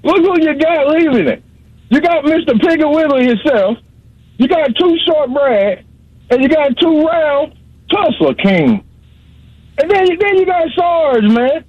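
A man's voice: very high-pitched, expressive, moderate pace, dry recording. A man calling in to a radio show, teasing and rambling in slang. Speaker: caller. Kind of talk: call-in radio banter. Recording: dull, dry phone-line sound.

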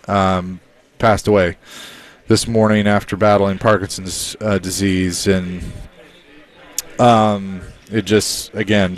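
A man hosting a sports talk radio show, speaking in a halting way with many pauses and fillers. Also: lowish voice.

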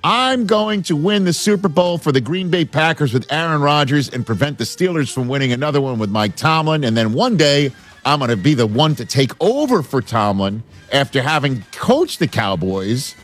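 A man hosting a casual sports talk show, animated and joking, laughing often. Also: on the high side, moderate pace, faint music behind.

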